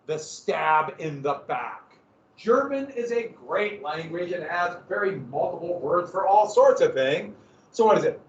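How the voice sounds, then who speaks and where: Animated American man lecturing in an echoey room. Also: on the high side, slight background noise. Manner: animated, asks questions and answers them. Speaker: history teacher. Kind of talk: classroom lecture. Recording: echoey room, distant mic, muffled.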